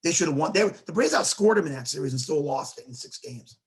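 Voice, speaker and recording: A man hosting a casual sports talk show, telling stories in an animated way and acting out quoted dialogue. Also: on the high side, fast. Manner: animated storyteller who acts out quoted dialogue.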